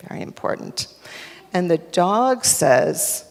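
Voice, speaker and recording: A woman telling an interactive children's story at a church service, animated and directing children as they hold up props. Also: medium pitch, measured pace. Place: church sanctuary. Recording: echoey church hall.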